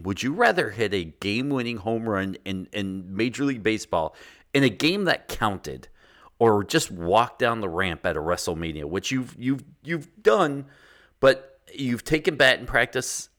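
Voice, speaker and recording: Brief: male host, very low voice, eager rambling interviewer. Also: sing-song, normal speed, fairly bright tone. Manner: eager, long-winded questioning. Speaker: podcast host. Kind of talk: casual interview questions.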